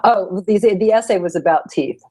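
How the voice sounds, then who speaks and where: A woman co-hosting a podcast in casual chat, playful and quick to laugh. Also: medium pitch, mellow. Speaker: podcast co-host and teacher.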